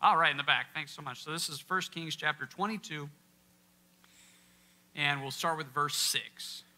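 A workshop speaker, a man with a fairly high, sharp-toned voice, talks at a normal speed. He's leading an interactive Bible teaching session for a live church audience, quizzing his listeners and leaning on key words in a conversational manner.

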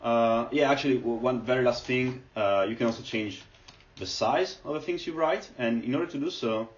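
A man's voice: medium pitch, normal speed, slight background noise. A man giving a screen-recorded lecture, explaining step by step with many fillers as he types. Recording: echoey, distant, dull lo-fi.

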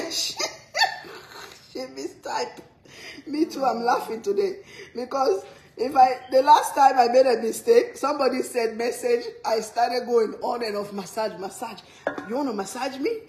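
A woman's voice: fairly high pitch, a little slow, a little mellow, echoey room, low-quality recording. Laughing woman hosting a cooking live. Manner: playful, laughs a lot, reads comments aloud. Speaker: cooking livestream host. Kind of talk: casual live-stream chat.

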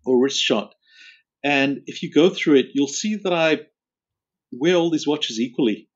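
A man's voice: fairly high pitch, measured pace. Chatty man, dull lo-fi sound. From Australia. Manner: relaxed, chatty, laughs easily. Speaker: podcast guest. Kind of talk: casual interview chat. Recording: dull lo-fi audio.

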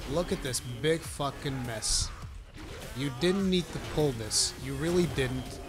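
A man's voice: mid-range voice, measured pace. Brash, foul-mouthed gamer man. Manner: profane, brash trash talk at teammates; excited shouting in bursts. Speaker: gameplay commentator. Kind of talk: live gameplay commentary. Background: game music.

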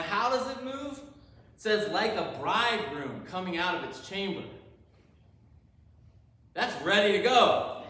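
A man's voice: high voice, a bit bright. A male pastor preaching a sermon, eagerly explaining Hebrew words and asking rhetorical questions. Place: church sanctuary. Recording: roomy, distant church sound.

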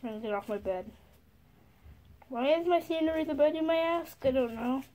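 A school-age girl vlogging casually from her bed, excitable, reading card names aloud and often apologizing. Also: sits high, fairly quick. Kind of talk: casual card-opening vlog. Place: sitting on her bed at home.

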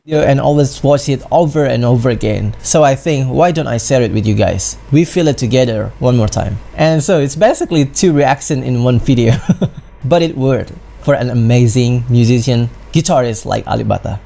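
A man hosting a reaction video, chatting casually to viewers and letting out relaxed, enthusiastic exclamations. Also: medium pitch, moderate pace, creaky. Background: guitar music playing.

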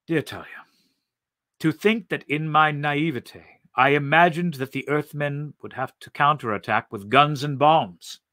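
A man voicing a timid, bewildered Martian man who speaks softly and hesitantly. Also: a little high, measured pace, no echo, clean studio sound. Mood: mournful. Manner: soft, hesitant, polite.

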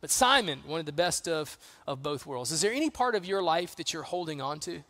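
Pastor guy preaching, kinda high voice, talks casual then gets fired up. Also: lively intonation, fairly quick, sharp tone. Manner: fired-up, emphatic preaching with rising intensity; conversational, uses acted-out quotes. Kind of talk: sermon.

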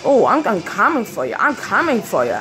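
A woman giving live gameplay commentary, excitable and quick to panic, exclaiming often and laughing at herself. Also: mid-range voice, soft background music. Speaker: gaming video host.

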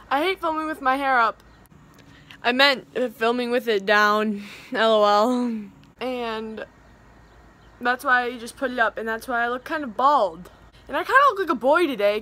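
A young woman tells a story straight to the camera with a high, bright voice. She is chatty and theatrical and peppers every sentence with "like". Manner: dramatic, chatty, heavy use of "like". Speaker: vlogger.

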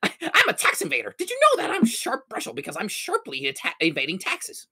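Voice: mid-range voice, wildly swooping pitch, quick pace, vocal fry, sharp tone, slightly rough, full character voice. Someone putting on the voice of a goofy, crude male reporter in an over-the-top joking way.

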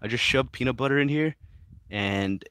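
A man hosting a casual livestream, reading viewer questions aloud and chatting in a relaxed, mumbly way to his pets. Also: medium pitch, normal speed, clean tone. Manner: laid-back, mumbly, talks to his pets. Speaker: livestream host reading chat. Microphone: phone.

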